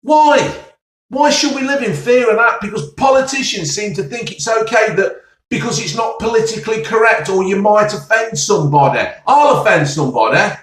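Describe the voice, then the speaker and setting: A man's voice: high voice, animated, normal speed, fairly bright tone. A man ranting bluntly and heatedly in a rambling monologue, swearing mildly. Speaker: vlogger. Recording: echoey, from far off the mic.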